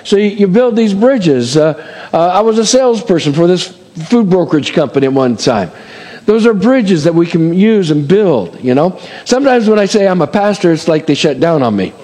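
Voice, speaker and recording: A middle-aged male pastor preaches a conversational sermon full of asides, checking in with rhetorical "amen?" and "right?" questions. His voice is high-pitched, sing-song and warm at normal speed, and a long hall reverb trails each line.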